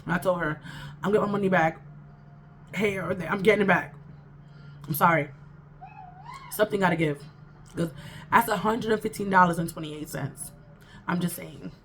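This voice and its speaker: A woman's voice: fairly low pitch, moderate pace, pauses often, a bit bright, slight background noise. A woman vlogger telling a storytime in an exasperated, emphatic, repetitive way. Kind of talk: casual storytime rant.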